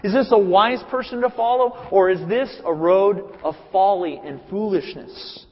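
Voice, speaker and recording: A man delivers an earnest sermon, driving points home through repetition. His voice sits fairly high for a man. The recording is a little dull and carries the long reverb of a large hall. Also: moderate pace. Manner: earnest, emphatic, repeats phrases for weight. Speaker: preacher. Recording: reverberant hall, muffled sound.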